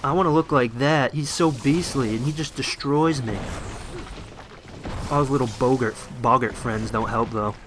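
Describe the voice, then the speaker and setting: A man's voice: medium pitch, normal speed, noisy background. A young man giving casual, rambling commentary over his gameplay, enthusiastic and full of fillers, shivering a little from the cold.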